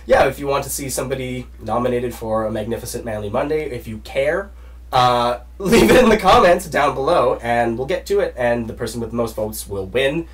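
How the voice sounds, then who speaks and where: A man hosting a relaxed, jokey chat, his voice a little stuffy from a cold. He sits some way back from the mic, so he sounds distant in the room. He talks at a middling pitch. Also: fairly quick. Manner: jokey, gives playful coaching. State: has a cold. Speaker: show host. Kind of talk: casual comedic chat.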